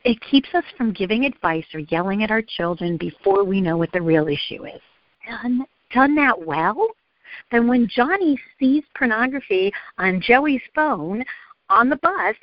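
A woman's voice: on the high side, a little slow, dry recording, highs cut off. A woman therapist and speaker, a guest in an interview, telling stories and acting out the voices of parents and kids. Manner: animated storyteller acting out parent and child voices. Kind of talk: interview conversation.

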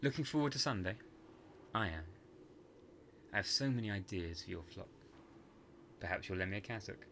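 A man's voice: on the low side, expressive, moderate pace, long pauses, sharp tone, a little hiss or hum. A man voicing a sly, mocking male demon who taunts a priest in a spoken horror story. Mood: taunting.

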